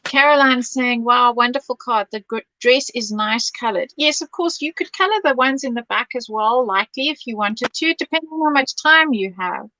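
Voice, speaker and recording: A woman's voice: a little high, normal speed, few pauses, pushed and bright, rough recording. A woman hosting a live craft stream, reading viewer comments aloud, enthusiastic and teasing. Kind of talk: casual live-stream chat.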